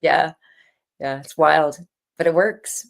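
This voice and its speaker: A woman guest author telling a personal story in a casual interview, animated and acting out quoted voices. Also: low-pitched, slow pace, vocal fry. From California.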